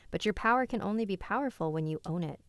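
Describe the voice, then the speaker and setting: A woman hosting a live stream, reading listener stories and chatting calmly with her chat. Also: medium pitch, fast, no echo. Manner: calm, conversational reading with soft asides.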